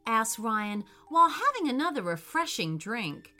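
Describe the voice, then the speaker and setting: Slow, expressive woman storyteller. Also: mid-range voice, faint music behind. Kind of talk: children's story narration.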